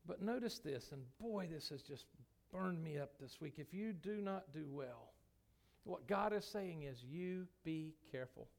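A man's voice: on the high side, expressive, a little slow, gravelly. A man, a pastor, preaching a sermon in church in a folksy, emphatic way with many restarts. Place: church sanctuary.

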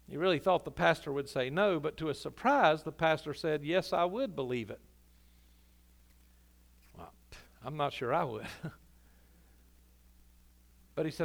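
High-voiced preaching pastor, man. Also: moderate pace, vocal fry, long pauses. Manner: impassioned preaching, building to loud emphatic climaxes. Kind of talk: sermon. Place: church sanctuary.

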